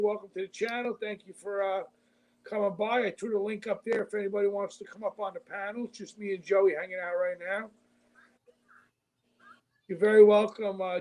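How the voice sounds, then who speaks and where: A Brooklyn, New York man hosts a livestream, chatting easily and greeting viewers by name. His voice sits high with a flat delivery at a moderate pace, and the audio quality is poor.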